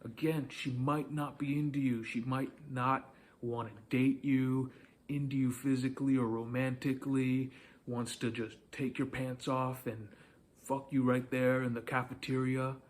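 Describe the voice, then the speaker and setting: A man's voice: mid-range voice, flat delivery, a little slow. A man giving dating advice in a casual, direct monologue, coaching the listener and often checking in with "okay?".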